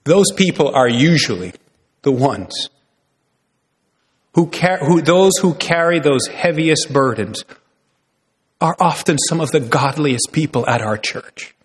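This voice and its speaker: A man's voice: fairly high pitch, lively intonation, a little slow, long pauses. A man preaching a sermon as pastor, earnest, with many rhetorical questions. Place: church sanctuary. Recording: long reverb in a church hall.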